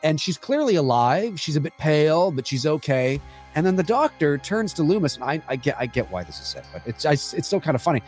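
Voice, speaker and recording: A man's voice: fairly high pitch, sing-song, brisk, a little mellow, soft background music. A man, a podcast guest, chatting casually and laughing as he mimics lines from movies.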